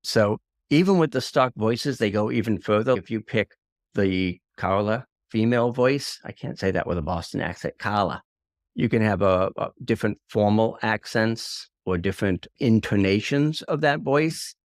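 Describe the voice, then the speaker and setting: A man with a low, deep voice talks through a software walkthrough in an easygoing, conversational way. He adds self-deprecating asides as he goes. The recording is dry and close, with almost no room sound. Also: no echo. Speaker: video tutorial host. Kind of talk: casual screen-share software walkthrough.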